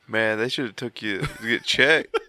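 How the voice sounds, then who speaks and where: A man's voice: mid-range voice, pushed and bright. A man making teasing, laughing comments on a podcast. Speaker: podcast co-host. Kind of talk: casual chat reactions.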